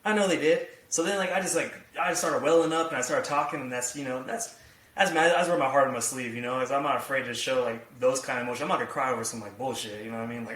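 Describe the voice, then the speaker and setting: A man's voice: mid-range voice, very fast, fairly bright tone. A man co-hosting a podcast, chatting casually in a rambling way, full of "like" and swearing. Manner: rambling, heavy use of "like", profane. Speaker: podcast co-host. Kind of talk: casual chat. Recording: echoey room, distant from mic.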